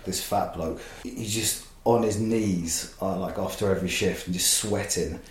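A man's voice: deep voice, measured pace, roomy sound. A man casually telling stories as a podcast guest, rambling and swearing freely. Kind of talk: casual storytelling.

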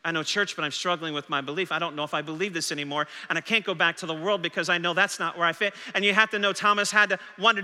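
Man, pastor preaching, high and very bright voice, dramatic delivery, echoing church hall. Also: steady tone, fast talker, few pauses. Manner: dramatic preaching, voicing doubting disciples' questions. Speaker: senior pastor. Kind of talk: sermon. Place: church sanctuary.

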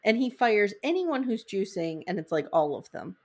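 A woman's voice: mid-range voice, sing-song, normal speed, darkish tone. Chatty woman podcast host. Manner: chatty, candid, jokey storyteller. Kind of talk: casual recap chat.

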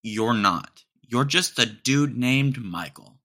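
Slow-talking young man, bright sarcastic rant. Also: mid-range voice, lively intonation. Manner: rambling, sarcastic, laughs at own jokes. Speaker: podcast host. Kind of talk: casual comedic monologue.

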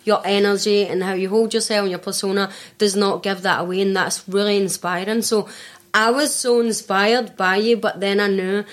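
A young Scottish woman with a broad Glaswegian accent talks fast in a casual podcast chat. Her speech tumbles along with "like" and "you know" and plenty of restarts. Her pitch sits in the middle for a woman. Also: fairly even intonation. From Scotland. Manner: fast, chatty, frequent fillers and restarts. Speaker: life and business coach, guest.

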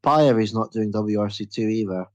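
A man's voice: fairly low pitch, normal speed, darkish tone, no room sound. A man co-hosting a casual podcast, blunt and laughing, swearing freely. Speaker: podcast co-host.

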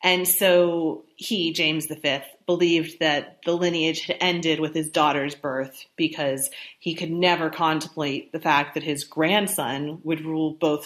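A woman's voice: low-pitched, fairly bright tone. Woman chatting through a history lesson. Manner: conversational with fillers and self-corrections. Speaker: history presenter. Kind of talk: casual history talk.

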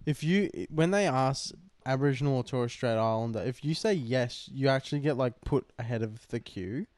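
A man's voice: medium pitch, moderate pace, a little mellow, no echo. A man co-hosts a casual podcast chat in an ordinary middle-range voice. He rambles, fills gaps with "like" and swears freely. The recording is dry and close, with no room sound. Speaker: podcast co-host.

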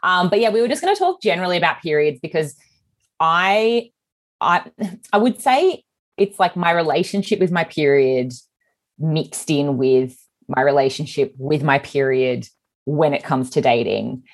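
A woman's voice: low voice, lively intonation, moderate pace. A woman with an Australian accent co-hosting a podcast, talking frankly and with animation, often restarting her sentences. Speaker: podcast co-host. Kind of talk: casual chat.

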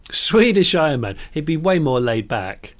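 A man's voice: on the high side, very animated, moderate pace, a bit bright. A man co-hosting a podcast, playful in casual comedic chat. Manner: playful, laughs often. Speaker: podcast co-host.

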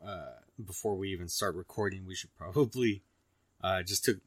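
A man's voice: low voice, dry recording. A man co-hosting a casual beer-tasting podcast, rambling and joking with plenty of swearing. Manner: rambling, profane, quick to joke. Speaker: podcast co-host.

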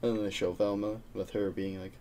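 A man's voice: fairly low pitch, flat delivery, a little fast, over a noisy crowd. A young man co-hosting a casual pop-culture podcast, rambling loosely and swearing offhand. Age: young adult. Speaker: podcast co-host.

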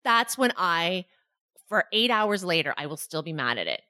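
A young woman co-hosting a casual chat, telling animated stories, swearing freely and acting out what people said. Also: fairly low pitch, normal speed. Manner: animated storyteller, swears freely, acts out quotes in raised voice.

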